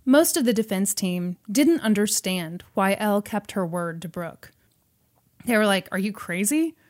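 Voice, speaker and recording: A woman's voice: medium pitch, measured pace, a little mellow. A woman podcast host retelling a movie in a chatty, wry way. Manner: chatty and wry, acting out quotes. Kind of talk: casual chat retelling a movie.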